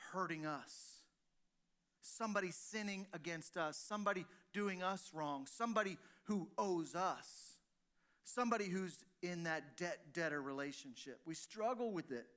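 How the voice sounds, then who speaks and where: Male pastor preaching, bright and high-pitched, talking straight to his congregation. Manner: preaching, rhetorical questions to the congregation. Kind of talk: sermon. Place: church service, streamed to listeners at home.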